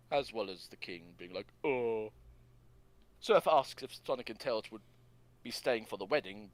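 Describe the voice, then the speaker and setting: A man with a low-pitched voice leads a casual podcast. He walks through a cartoon episode's plot, then chats loosely with his co-hosts, peppering his talk with "like" and trailing off mid-phrase. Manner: lots of "like" fillers, half-finished phrases. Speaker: podcast co-host recapping a cartoon. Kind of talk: plot recap and casual chat.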